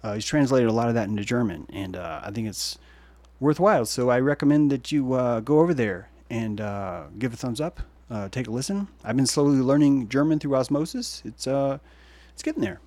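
A male livestream host rambles through a loose monologue. He shifts from loud, excited bursts to hushed, half-whispered asides. His mid-pitched voice sits close and dry, with no room sound around it. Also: a little fast, no echo.

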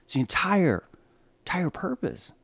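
A man hosting a live stream in a loose, rambling monologue, his slightly high voice leaping all over the place as he moves from muttered asides to sarcastic outbursts. The sound is dry and close, with no room around it. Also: measured pace, gravelly, slightly rough, no echo. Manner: animated, sarcastic, swings from mutters to exclamations.

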